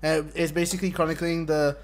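A man's voice: fairly high pitch, level tone, fast. A man explaining things in a rambling way during a casual group chat.

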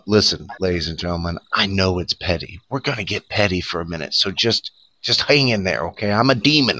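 A man with a low voice holds forth on a casual talk podcast. He rants with sarcasm and lots of swearing, and his pitch jumps up when he gets worked up. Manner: profane, sarcastic, animated ranting with laughs. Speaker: podcast co-host. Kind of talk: casual political podcast rant.

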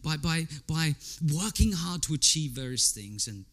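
A man's voice: on the high side, sing-song, moderate pace, a bit bright. A man preaching a sermon in a conversational way, asking his listeners rhetorical questions, repeating words as he goes and quoting people in character.

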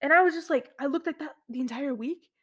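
A young woman in her early twenties hosts a solo podcast, her voice sitting a little higher than most. She talks in a candid, chatty way, full of fillers and restarts. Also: quick pace. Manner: candid, chatty, animated storytelling with many fillers. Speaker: podcast host.

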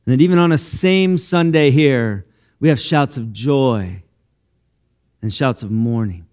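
A man's voice: mid-range voice, measured pace, darkish tone, clean tone. A man pastor giving a sermon in a church in an easygoing, conversational way, often restarting phrases and growing emotional. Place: church sanctuary.

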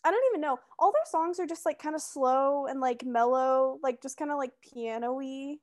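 Young woman co-host with a high voice, chatty and insistent, in loose casual conversation. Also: normal speed, a little mellow. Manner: chatty, filler-heavy, insistent. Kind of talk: casual chat.

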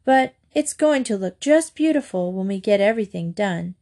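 A woman voicing an eager young girl in a storybook reading, chatty and excited about her new house. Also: medium pitch, moderate pace, natural voice.

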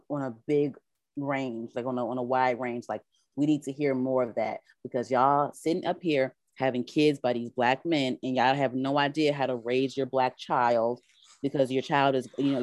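A woman's voice: a bass voice, a little mellow, no echo. A woman co-hosting a casual chat, talking animatedly with many fillers and restarts.

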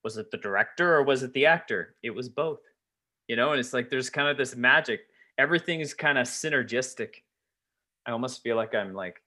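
Bright-voiced man chatting loosely. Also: mid-range voice, brisk. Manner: rambling, heavy use of filler words. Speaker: podcast co-host, former teacher. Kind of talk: casual conversation.

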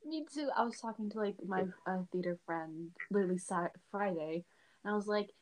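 A woman's voice: medium pitch, a little fast, crowd noise. A young woman co-hosting a podcast in casual chat, chatty and self-deprecating, laughing as she talks. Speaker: podcast co-host.

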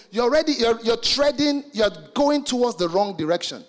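High-voiced preacher in a hall. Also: male voice, expressive, brisk. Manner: emphatic, calls out to the congregation. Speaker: pastor. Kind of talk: sermon. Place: church hall. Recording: reverberant hall with soft music.

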